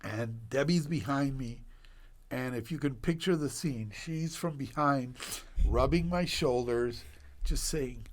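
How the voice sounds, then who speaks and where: Older man, slow animated storyteller. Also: fairly high pitch. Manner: animated, laughing storyteller with dramatic pauses. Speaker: doctor guest on a podcast. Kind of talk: personal storytelling in conversation.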